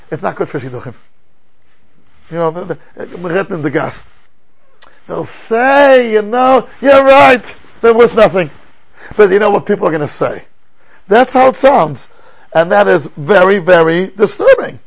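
Animated gravelly rabbi teaching. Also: male voice, sits high, unhurried, poor audio. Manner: animated, rhetorical questions, frequent stammering restarts. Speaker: rabbi teaching a Torah class. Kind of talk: animated Torah lecture.

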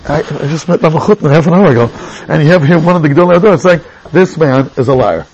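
A middle-aged man teaching a Torah class, telling personal stories with sudden high exclamations. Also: steady tone, racing, darkish tone, lo-fi sound, slight background noise.

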